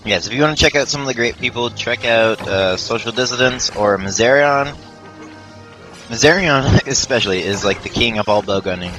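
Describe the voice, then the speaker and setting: A man's voice: mid-range voice, normal speed, a bit bright, low-quality recording. A man giving rambling, self-deprecating commentary while playing a video game, full of fillers and restarts. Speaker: let's play commentator. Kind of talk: casual gameplay commentary. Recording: game music playing under the voice.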